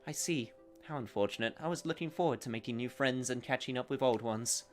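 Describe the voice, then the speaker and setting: A man's voice: medium pitch, brisk, faint music behind, lightly acted. A man voicing a small young dragon who speaks in a grand, formal, archaic way. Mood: gentle. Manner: archaic, lofty phrasing. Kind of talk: reading game dialogue aloud.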